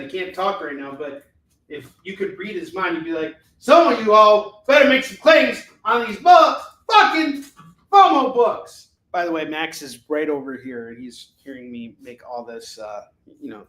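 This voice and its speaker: A man hosting a live comic sales show, calling prices and boasting jokingly about his pitches. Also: echoey room. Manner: boastful, joking, rapid item calls.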